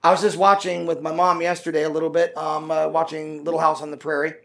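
A man with a notably high voice delivers a relaxed, conversational sermon. He stumbles through fillers and restarts while telling a story. Then he rises into louder, emphatic preaching. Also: vocal fry. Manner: halting, many fillers and restarts. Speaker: pastor.

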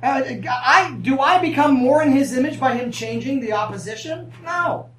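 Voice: sits high, moderate pace, a crowd in the background. A preacher delivering a conversational sermon, asking the congregation for amens and adding humorous asides. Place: church sanctuary. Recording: roomy, distant mic, faint ambience.

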